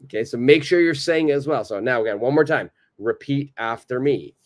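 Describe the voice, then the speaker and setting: A man's voice: mid-range voice, fairly quick. A man with a North American accent teaching a live online English lesson, patiently repeating phrases for learners to copy.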